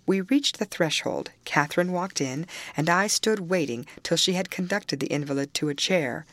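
Woman, audiobook narrator, measured, composed, low voice, dry sound. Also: fairly bright tone, no room sound. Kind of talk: scripted narration of a classic novel.

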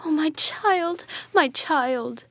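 A woman's voice: high-pitched, measured pace, dry recording, voice pushed up. Hippolyta, a woman voicing a grieving noble mother. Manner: tearful, pleading.

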